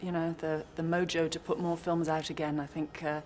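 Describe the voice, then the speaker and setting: A woman's voice: deep voice, little pitch movement, a little fast, darkish tone, slight background noise. A woman actress answering interview questions in a reflective way, often restarting her sentences and adding playful asides.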